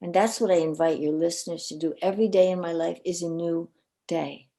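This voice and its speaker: A woman speaks as a podcast guest, her voice low-set and mellow. She tells personal stories with an earnest, animated delivery and often stumbles over repeated words. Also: fairly quick. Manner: earnest, animated storyteller with frequent word repeats. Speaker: guest coach and minister. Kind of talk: personal storytelling in a podcast interview.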